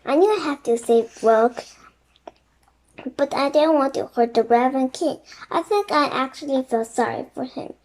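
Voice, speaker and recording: A young reader voicing Jack, a determined, earnest young boy who speaks firmly in a high voice. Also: moderate pace, a little mellow, natural voice.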